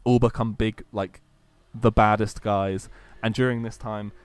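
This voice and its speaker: A man's voice: on the low side, level tone, measured pace, clean tone. A man cohosting a casual podcast chat, eagerly retelling a long story and acting out quotes between many fillers.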